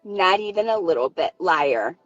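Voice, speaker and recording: A woman's voice: fairly low pitch, lively intonation, moderate pace, dry recording, dull audio, soft background music. A middle-aged woman, a nurse, gives heated commentary in a mocking, indignant tone, switching between languages.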